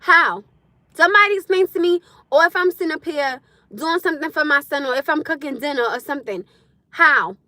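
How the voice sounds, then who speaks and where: A young adult woman ranting bluntly on a casual livestream, animated and laughing often. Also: high-pitched, a little fast, no echo. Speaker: livestream host.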